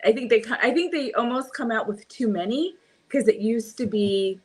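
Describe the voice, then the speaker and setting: A woman's voice: fairly high pitch, moderate pace, husky. A woman with a Californian accent, chatting casually as a podcast co-host, rambling and laughing often. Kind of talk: casual chat.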